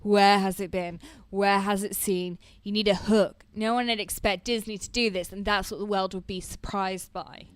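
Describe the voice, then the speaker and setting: A woman playing an eager young designer in a comedy radio sketch, pitching her idea with breezy, overconfident patter. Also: fairly even intonation, moderate pace, few pauses, clear, resonant tone, no echo, natural voice.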